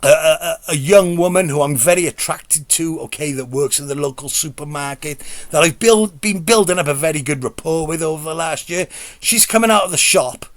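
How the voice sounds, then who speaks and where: A man's voice: fairly high pitch, a little fast, no echo. A middle-aged man tells a comic story in a rambling, stammering, sweary, self-mocking way. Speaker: comedy vlogger.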